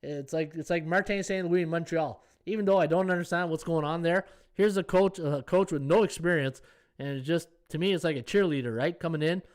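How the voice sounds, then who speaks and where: A man hosting a sports betting live stream in a casual, thinking-aloud way. His voice sits a little high for a man. He chats his way through odds and viewer comments. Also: fairly quick, darkish tone. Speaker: sports betting podcast host.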